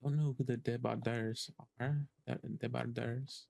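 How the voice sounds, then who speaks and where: A man's voice: mid-range voice, fairly even intonation, measured pace, creaky, darkish tone, dry recording. Man thinking aloud over a game. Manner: hesitant, thinking aloud with many ums. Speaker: gaming streamer. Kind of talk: casual let's-play commentary.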